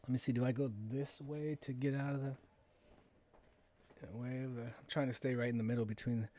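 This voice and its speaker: A man's voice: mid-range voice, level tone, fairly quick, mellow. A man hosting a casual livestream, reading viewer comments aloud and answering them in an easygoing way. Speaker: livestream host.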